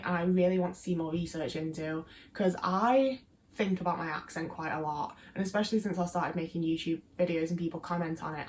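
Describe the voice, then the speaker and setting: There's a little hiss or hum under this fairly low female voice. She's a young English YouTuber with a Midlands-Liverpool accent, chatting casually and rambling to camera, full of fillers.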